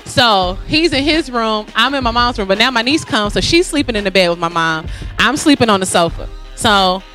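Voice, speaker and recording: Animated woman podcast host. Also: normal speed, faint music behind. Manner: animated, profane storytelling with high-pitched acted-out quotes. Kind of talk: casual storytelling chat.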